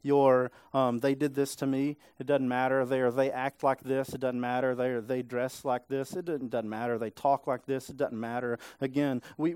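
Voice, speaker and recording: In a church sanctuary, a man preaches in a relaxed, talky style, often adding tag questions to keep his listeners with him. His mid-range voice is a little mellow, captured on a dry recording.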